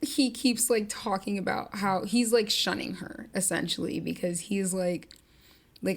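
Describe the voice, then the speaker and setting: Young woman, podcast host, chatty, animated, casual, filmed on camera. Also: medium pitch, unhurried. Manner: chatty and animated, many "like" fillers, casual swearing. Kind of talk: casual book-and-film chat. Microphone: camera-recorded podcast.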